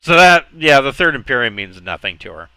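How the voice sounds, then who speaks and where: A man narrating a tabletop game as game master, halting with many uh's and restarts. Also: medium pitch, big pitch swings, bright, forceful tone, smooth, no room sound, poor audio.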